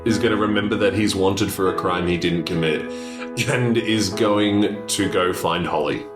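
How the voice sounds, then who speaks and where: A man's voice: deep voice, steady tone, normal speed. A man with an Australian accent, playing a tabletop game and bantering in a giggly, playful way. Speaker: player. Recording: roomy mic with music under.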